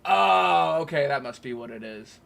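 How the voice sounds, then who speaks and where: A man's voice: a little high, expressive, normal speed, creaky, a bit bright. A man co-hosting a livestream, teasing his partner and reading chat messages aloud. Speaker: livestream co-host.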